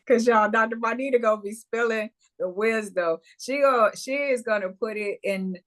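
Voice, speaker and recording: A woman co-hosting a casual talk show, lively and emphatic, with playful asides to the audience. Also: fairly high pitch, moderate pace.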